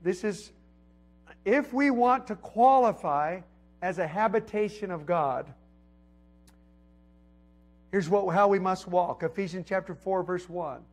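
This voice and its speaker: A middle-aged man preaching a sermon in a conversational way, building to emphatic peaks and then dropping low and quiet. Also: slow, pauses often, soft background music. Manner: conversational preaching with emphatic swells and soft drops.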